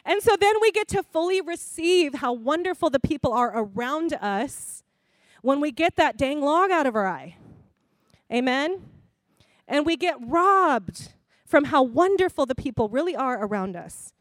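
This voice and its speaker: A woman preaching a sermon in a conversational, expressive way, laughing often. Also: high-pitched, normal speed, no echo.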